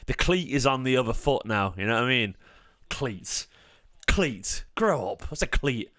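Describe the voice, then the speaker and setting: A man with a Mancunian accent chats casually on a live stream, rambling and jokey with the odd swear. His voice is smooth and clear, and the recording is dry and close. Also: mid-range voice, expressive, a little fast, sharp tone, dry recording. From Manchester, England. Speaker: fan channel host.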